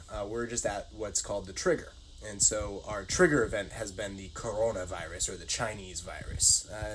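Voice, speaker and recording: A middle-aged man hosts his own channel and rambles through a casual monologue, leaning on filler words as he goes. His voice sits at an ordinary middle pitch, and a faint hiss of background noise runs under it. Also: rough recording. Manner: rambling, loose and conversational with many fillers. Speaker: channel host.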